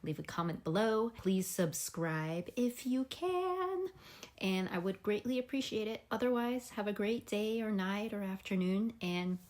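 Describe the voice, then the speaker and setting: A woman's voice: medium pitch, expressive, unhurried, a little mellow. A young adult woman chatting casually as a vlogger about her weekend, rambling and snacking as she talks. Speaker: PhD student vlogger. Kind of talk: casual vlog chat.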